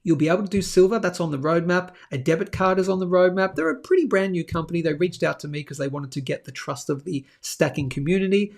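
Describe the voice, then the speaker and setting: A man's voice: high-pitched, quick pace, few pauses. A man hosting a live morning show, talking casually through sponsor reads and viewer comments with frequent "okay?" asides. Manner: chatty, animated, lots of "okay?" asides.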